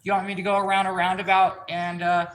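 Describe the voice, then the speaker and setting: In a car workshop, a shop vlogger tells a rambling story, animated and swearing a lot as he acts out other people's lines. His voice sits high and he talks fast. The room is echoey with faint noise.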